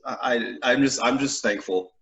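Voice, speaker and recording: A man hosting a casual interview, animated and laughing often, with many restarts. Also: medium pitch, normal speed. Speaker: podcast host.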